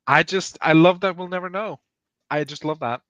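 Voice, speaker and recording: A man's voice: sits high, normal speed, fairly bright tone, dry recording. A man co-hosting a casual live stream, reading chat messages aloud and joking around. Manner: playful, joking, laughs often. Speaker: podcast co-host reading chat.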